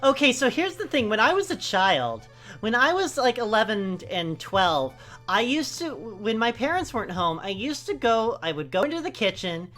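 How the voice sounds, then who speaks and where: A woman from the US West Coast co-hosting a game playthrough, rambling in casual, animated commentary with sudden high exclamations. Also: moderate pace, faint music behind.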